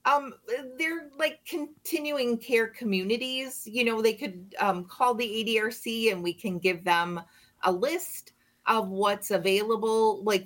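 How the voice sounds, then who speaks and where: A woman, a radio guest explaining care options in a measured way with frequent ums. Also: medium pitch, a bit bright. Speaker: manager of a disability and aging resource center. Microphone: studio microphone.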